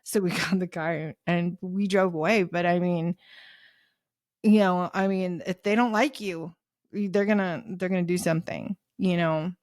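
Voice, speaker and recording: A woman's voice: lowish voice, steady tone, moderate pace, a little mellow, no echo, clean studio sound. A woman guest on a podcast, telling stories in a chatty way, full of "you know"s and retold dialogue, and laughing often as she talks. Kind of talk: casual storytelling in a podcast interview.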